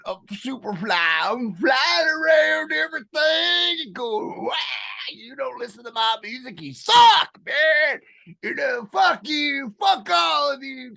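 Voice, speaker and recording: A man voicing a loud, drunk Southern redneck rock fan who swears and shouts his rants. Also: very high voice, creaky, pitched above the performer's own voice, exaggerated voice. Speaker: podcast co-host.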